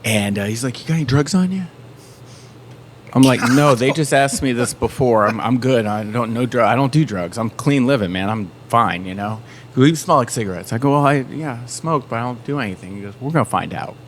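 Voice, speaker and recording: A man's voice: mid-range voice, fairly quick, slight background noise. A man from the Southern United States, a band member telling a story on a podcast and acting out everyone's lines. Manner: animated storyteller acting out quotes.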